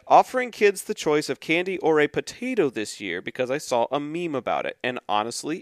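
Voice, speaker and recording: Animated man with a lively voice. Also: medium pitch, clean tone, no room sound, clean studio sound. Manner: animated, laughs often, acts out quoted kids loudly. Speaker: podcast co-host. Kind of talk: casual chat, reading tweets aloud.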